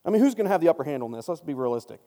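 A man's voice: fairly high pitch, sing-song, racing, dark tone. A man giving a casual Bible study talk, chatty and joking, often breaking off into asides. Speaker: Bible teacher. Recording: long reverb.

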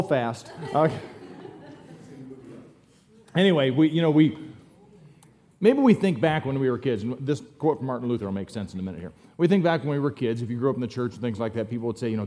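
A man's voice: medium pitch, brisk. Male pastor, casual sermon delivery with easy humor, church setting. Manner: relaxed joking storyteller, self-deprecating asides. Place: church sanctuary.

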